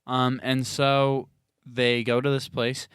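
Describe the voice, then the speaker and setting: This podcast co-host, a man, recaps a film in a casual, rambling chat packed with fillers and playful quoted voices. He speaks slowly and flatly at a medium pitch, slightly bright and clean, in a dry, studio-quality recording.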